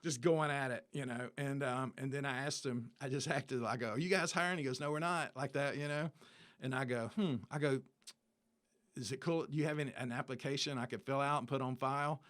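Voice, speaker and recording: A man's voice: medium pitch, a little fast. A man in his fifties, an interview guest, telling a long story in casual chat and acting out the people in it. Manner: animated storyteller, acts out dialogue.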